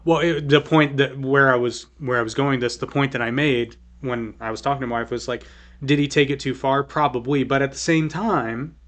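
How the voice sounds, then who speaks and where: A man's voice: mid-range voice, fairly even intonation, normal speed, fairly bright tone. A man co-hosting a casual podcast conversation, with a mid-range voice. He jokes easily and often restarts a sentence partway through. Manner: joking, restarts his sentences. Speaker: podcast co-host. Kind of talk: casual chat.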